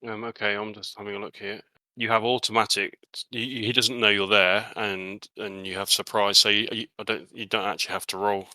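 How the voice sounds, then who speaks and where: A man narrating a tabletop horror game as game master, halting often with fillers and restarts. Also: on the low side, level tone, bright, forceful tone, no echo, low-quality recording.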